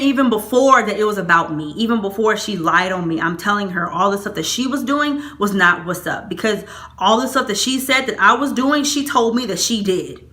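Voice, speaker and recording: Bright-voiced young woman telling a storytime. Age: young adult. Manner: animated, quotes herself in high exclaims, laughs between lines. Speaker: vlogger. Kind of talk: storytime vlog, casual chat.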